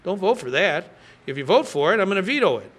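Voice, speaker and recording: A man's voice: high voice, very animated, fast, a bit bright, husky. A man in his sixties, a state governor, answering reporters' questions at a press conference in an emphatic, folksy way with frequent fillers.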